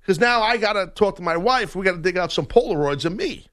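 A man's voice: high-pitched, lively intonation, fast, a bit bright, no room sound. A man hosting a sports radio show in casual chat, rambling with lots of fillers and restarts.

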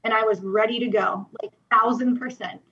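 A woman's voice: fairly high pitch, fairly even intonation, moderate pace, bright, forceful tone, dull audio. A young woman telling her personal testimony as a podcast guest, earnest and emotional, with many "like" fillers.

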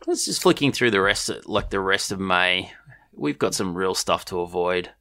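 A man's voice: low voice, animated, normal speed, vocal fry, sharp tone. A man co-hosting a music podcast, chatting casually in a rambling way and laughing often. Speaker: podcast co-host. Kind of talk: casual chat.

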